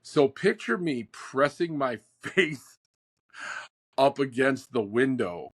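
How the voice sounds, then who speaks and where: Animated man telling a podcast story. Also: mid-range voice, slow pace, breathy edge. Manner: animated, acts out quotes, says "like" and "dude" often. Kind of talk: casual storytelling chat.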